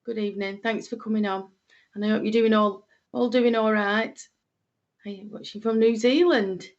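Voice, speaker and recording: A middle-aged Lancashire woman, a medium, greets her livestream viewers in a homely, chatty manner full of fillers. Her voice is medium in pitch with fairly even intonation and a normal pace, though the recording has its high frequencies cut off.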